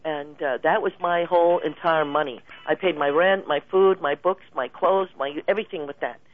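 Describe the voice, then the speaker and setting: A woman guest telling stories in a casual interview, lively and laughing often. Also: low-pitched, moderate pace. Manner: animated storyteller, laughs often. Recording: tinny phone line, dry.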